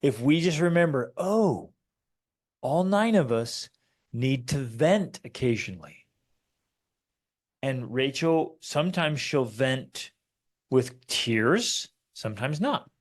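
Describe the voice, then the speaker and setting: Animated man co-hosting a family podcast. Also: mid-range voice, takes it slowly. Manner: animated storytelling, acts out quotes in raised voices. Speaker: podcast co-host. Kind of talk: casual conversational teaching.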